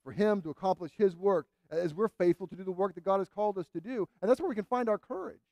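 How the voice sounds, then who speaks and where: A man's voice: high-pitched, fast talker, darkish tone, no room sound, lo-fi sound. A man preaching a sermon in an earnest, emphatic way, repeating phrases to drive points home.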